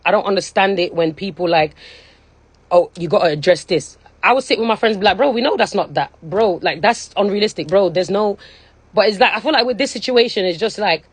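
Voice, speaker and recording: A woman's voice: mid-range voice, no room sound. A young woman, speaking casually and emphatically on a phone live stream, often checking in with her listeners. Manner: emphatic, keeps repeating "you know what I'm saying". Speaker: livestreamer.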